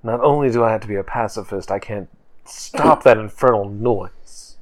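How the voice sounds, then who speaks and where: A man voicing a gruff, sardonic male sociopath and former knight in a tabletop game, speaking dryly. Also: fairly low pitch, moderate pace, lightly acted. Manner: dry, sardonic.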